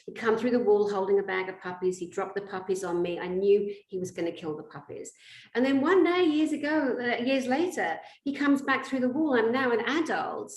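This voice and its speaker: A woman's voice: on the high side, brisk. Outspoken woman, roomy sound. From England. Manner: animated storytelling, outspoken. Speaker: host. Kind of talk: casual spiritual conversation. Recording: roomy echo.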